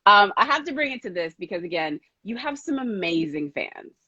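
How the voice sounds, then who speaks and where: A woman's voice: mid-range voice, sing-song, a little fast, bright, forceful tone, breathy edge, no echo, highs cut off. A woman interviewing a guest in an effusive, chatty way, peppering her talk with "like". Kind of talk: casual interview chat.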